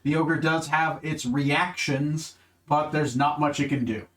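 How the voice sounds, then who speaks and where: A man's voice: on the high side, fairly even intonation, measured pace, fairly bright tone. A man running a tabletop game as game master, narrating in a laid-back, jokey way.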